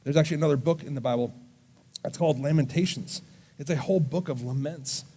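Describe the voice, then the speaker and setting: A man preaching earnestly to a youth service, speaking gently and slowing down to read scripture aloud. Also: on the high side, breathy edge. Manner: earnest, gentle, slows down when reading scripture. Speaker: youth pastor. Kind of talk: sermon to a student audience. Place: church service.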